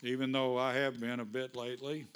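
A man's voice: mid-range voice, flat delivery, fairly quick, clean tone. A male pastor preaching a fervent sermon in church, praying and reading scripture with call-and-response to the congregation.

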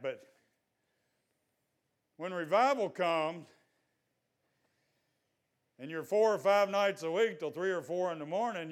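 An older man preaching a sermon in a folksy, exhorting way, at times breaking into loud shouts. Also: a little high.

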